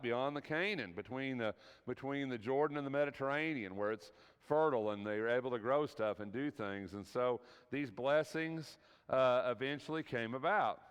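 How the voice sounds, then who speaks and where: A man with a mid-range, slightly bright, clean-toned voice teaches an evening church Bible class. The long reverb of the church hall surrounds his conversational delivery, punctuated by frequent "right?" check-ins.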